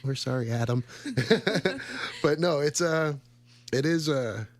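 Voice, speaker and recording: A man's voice: on the high side, slow pace. A man in his thirties co-hosting a radio show, chatting casually in a rambling, friendly way and laughing often. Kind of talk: casual chat.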